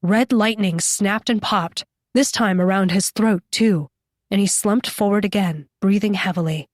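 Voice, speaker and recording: A woman's voice: mid-range voice, measured pace, no room sound. Woman narrating an audiobook in a dry, close sound. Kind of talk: scripted narration.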